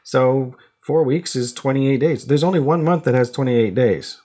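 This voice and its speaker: A young man on a casual podcast, working through an idea out loud with plenty of restarts and fillers. He fires quick quiz questions at his co-host and keeps a middle-pitched voice. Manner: rambling, full of restarts and fillers.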